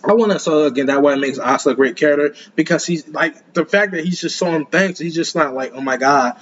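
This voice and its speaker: A young man giving casual, excitable commentary as an anime reaction host, rambling and laughing often. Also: on the high side, quick pace, highs cut off.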